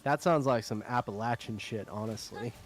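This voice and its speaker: A man's voice: mid-range voice, moderate pace. Laid-back male streamer, loose and profane, light music underneath. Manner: laughs often, swears casually. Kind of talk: casual chat.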